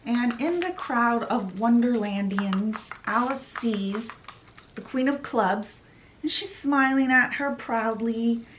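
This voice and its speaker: A young adult woman giving a chatty, animated recap of a novel on her vlog. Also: fairly high pitch, slow pace, slight background noise, poor audio. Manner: chatty, animated retelling with quoted voices. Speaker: book vlogger. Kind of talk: casual story recap.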